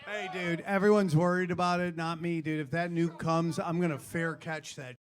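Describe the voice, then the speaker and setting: A man with a raised, fairly high voice riffs loudly and crudely. He talks in quick bursts of live podcast banter. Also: fairly even intonation. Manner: loud joking, crude and brash. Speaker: guest comedian.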